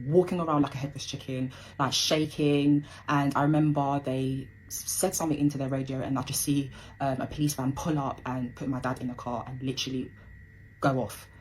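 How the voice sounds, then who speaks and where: A young woman with a low, darkish voice rushes through a personal story, casual and emotional, breathless and full of fillers. The rough recording carries a little hiss or hum.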